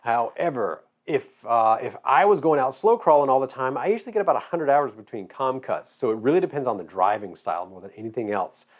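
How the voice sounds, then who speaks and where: Man, Southern accent, hoarse, rambling casual chat, mid pitch. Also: fairly quick, hardly any pauses. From Georgia, US. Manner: relaxed, rambling, drawling. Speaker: hobby shop owner. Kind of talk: casual chat while building a model.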